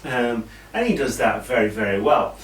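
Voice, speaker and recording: A British wrestling show reviewer casually recaps an old wrestling event, rambling with asides and fillers. His mid-range voice is very animated at normal speed, recorded in an echoey room with a distant mic and faint hiss.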